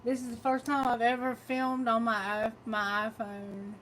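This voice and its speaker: A woman's voice: a little high, flat delivery, normal speed, fairly bright tone, a little hiss or hum, poor audio. A woman with a Southern American drawl, reading tarot on a live stream from her phone, chatty and laughing often as she greets viewers. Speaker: tarot reader.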